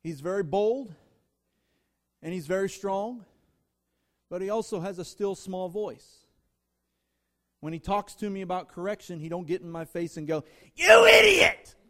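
Man, high voice, preacher, sermon to a congregation, emphatic, rhythmic lists, direct address. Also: moderate pace, long pauses, warm tone. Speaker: guest preacher. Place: church before a congregation.

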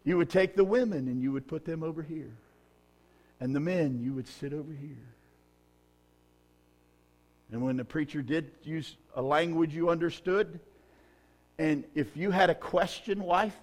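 Folksy, joking preacher. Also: male voice, on the high side, unhurried, pauses often. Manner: humorous, folksy storytelling with loud emphatic peaks. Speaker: pastor. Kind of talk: sermon.

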